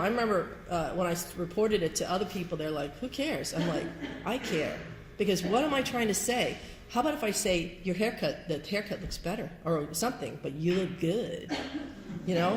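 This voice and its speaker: Candid woman speaking in an echoey room. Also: on the low side. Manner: candid, acts out quoted remarks. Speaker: speaker at a recovery meeting. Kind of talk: personal recovery talk. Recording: echoey room with faint noise.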